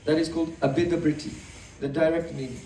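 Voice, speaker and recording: A man with a mellow, fairly high voice gives a morning scripture class, explaining patiently through homely examples and light humor. He sounds distant from the mic, in an echoey room. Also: steady tone, quick pace, a little hiss or hum. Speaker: spiritual teacher. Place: indoor hall with a live audience.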